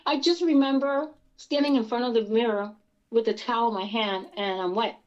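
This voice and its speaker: A woman from Pennsylvania telling her own experiences in a casual interview, animated and rambling with many restarts. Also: a little high, brisk, lo-fi sound. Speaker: guest experiencer.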